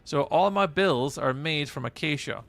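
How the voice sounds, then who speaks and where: A man's voice: a little high, lively intonation, normal speed, creaky, fairly bright tone. A young Scottish man casually chatting through a live game stream, rambling and greeting his chat by name. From Scotland. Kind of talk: live gameplay commentary.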